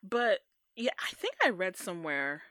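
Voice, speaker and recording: A woman in casual podcast chat, animated and slangy, often acting out characters' lines. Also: lowish voice, normal speed, no room sound, clean studio sound. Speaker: podcast co-host.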